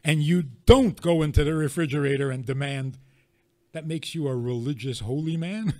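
Slightly high-voiced man teaching with wry questions. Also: expressive, measured pace, pauses often, darkish tone. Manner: rhetorical questions, wry everyday examples. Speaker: rabbi. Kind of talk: teaching talk to an audience.

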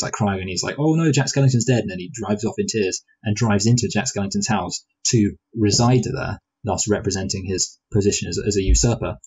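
A man's voice: lowish voice, darkish tone, slightly rough, low-quality recording. A man co-hosting a film review chat, rambling and hesitant, with many restarts and playful speculative asides. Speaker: film review podcast co-host.

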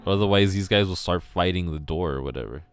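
A man casually commenting on his own gameplay, switching between excited yelps and shouts and muttered asides. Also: deep voice, fast, faint music behind. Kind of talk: casual let's play commentary.

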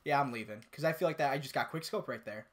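A young man giving excitable, swear-heavy live commentary over his own gameplay, often bursting into yells. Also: mid-range voice, quick pace. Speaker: gamer and channel host.

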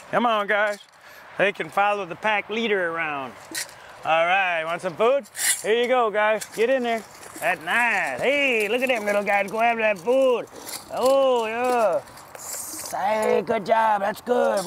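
A man outside, talking to a pack of dogs as he feeds them and explaining why. His voice is high and bright. Faint outdoor noise hangs behind him. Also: slow. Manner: relaxed, chatty, encouraging to dogs. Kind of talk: casual instruction.

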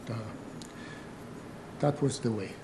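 A man playing an older Italian immigrant mob grandfather in a comedy sketch, speaking halting, broken English with an Italian accent and slipping into Italian. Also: medium pitch, noisy background, natural voice. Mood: grave storytelling.

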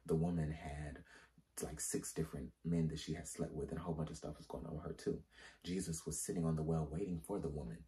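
A very deep, mellow-toned man speaks as a pastor sharing a personal testimony. He keeps it casual and slangy, then lifts into emphatic, preacher-like leaps in pitch. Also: fairly even intonation, fast. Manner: candid, conversational with slang.

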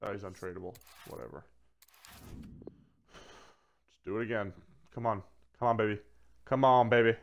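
A man giving casual commentary while opening packs in a video game, swearing freely and swinging between flat grumbling and excited shouts. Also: fairly low pitch, normal speed, vocal fry, long pauses, slight background noise. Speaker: gaming video creator.

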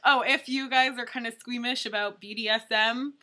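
A woman's voice: a little high, steady tone, normal speed, pushed and bright. A young woman vlogging casually, reading a book aloud and often breaking into laughter. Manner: giggly, keeps breaking into laughter.

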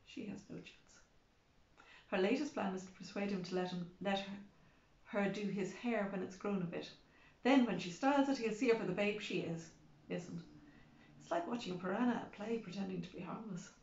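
A woman's voice: medium pitch, moderate pace, a little mellow. A woman narrating an audiobook in the first person, with a wry, chatty manner. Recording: roomy, slightly dull recording.

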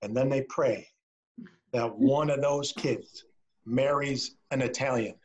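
A middle-aged man from upstate New York doing a stand-up set over a video call from home, landing punchlines dry and slowed down. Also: medium pitch. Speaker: stand-up comedian. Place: a home, indoors.

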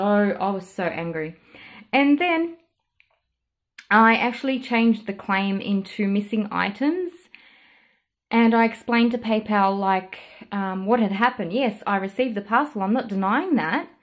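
Woman, perfume vlogger, casual and outraged storytelling, somewhat high voice. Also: a little slow. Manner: animated, indignant retelling with quoted dialogue.

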